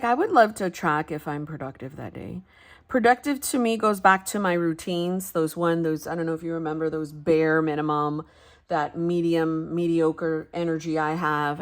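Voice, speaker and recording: A woman in her thirties talks through her planner setup in a loose, rambling way. Her voice sits fairly low, and she is frank about her struggles and drops a casual swear here and there. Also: a bit bright. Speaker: planner vlogger. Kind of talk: casual chat about journaling.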